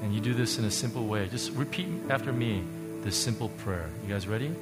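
Guy preaching a sermon, gets loud then goes quiet, music going clearly behind him. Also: on the low side, a little fast. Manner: passionate preaching, swings from loud to hushed. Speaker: pastor. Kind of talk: sermon with altar call. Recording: music playing under the preaching. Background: worship music.

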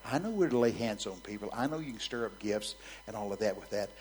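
A man preaching a sermon, telling a story vividly in a frank, conversational way that swings from soft near-whispers to loud, emphatic bursts. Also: fairly low pitch, expressive, fast talker, faint music behind, low-quality recording.

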